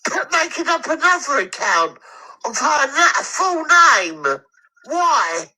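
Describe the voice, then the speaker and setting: A woman's voice: high-pitched, big pitch swings, slow, pushed and bright, poor audio. A woman ranting angrily on a live stream, swearing heavily and close to tears at times. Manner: furious, swearing, tearful at times. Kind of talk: angry live-stream rant.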